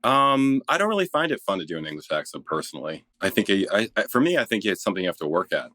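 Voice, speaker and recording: A man's voice: on the low side, very animated, fast talker, bright, forceful tone, no room sound. A man in his forties, a financial planner guest-hosting a podcast, explaining in an easygoing way and laughing often. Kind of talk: casual podcast chat.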